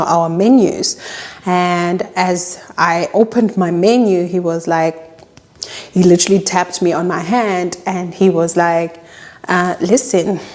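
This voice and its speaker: South african girl telling a dating story, kinda low voice, jumps up high when she acts stuff out. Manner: animated, acts out quoted lines with pitch jumps. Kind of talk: casual storytime monologue.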